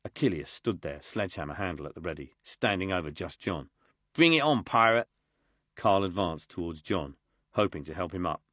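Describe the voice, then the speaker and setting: A man reading an audiobook in a steady, measured way. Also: low voice, no echo, studio quality. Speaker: audiobook narrator. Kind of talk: scripted narration.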